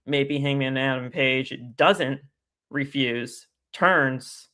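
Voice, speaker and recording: A man as a guest on a casual live stream, talking at length in an animated, rambling way and repeating his stock phrases. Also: medium pitch, extremely slow.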